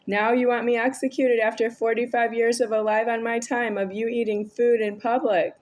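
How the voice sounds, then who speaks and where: A woman's voice: on the high side, flat delivery, normal speed, few pauses, darkish tone. A woman vlogging a rambling, argumentative monologue to camera, addressing an unseen listener.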